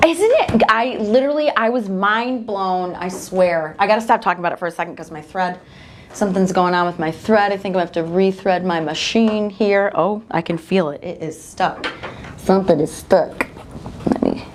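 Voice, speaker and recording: An upbeat woman chatting through a live sewing demonstration. Her voice sits at an ordinary pitch, with a faint hum of ambience behind her. She keeps up friendly talk with viewers while she works. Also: moderate pace. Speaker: host of a live embroidery stream. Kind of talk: casual live demo chat.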